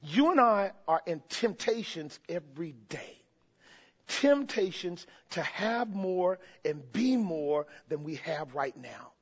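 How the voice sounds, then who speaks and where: Man, very high voice, pastor preaching, dull lo-fi sound. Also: big pitch swings, slow pace, slightly rough. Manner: call-and-response preaching, swinging between shouts and hushed stretches. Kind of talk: sermon.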